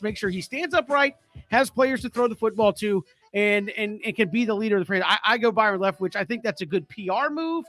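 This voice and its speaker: A man's voice: high voice, sharp tone. A man co-hosting a casual sports talk show, chatty and wry as he argues his picks.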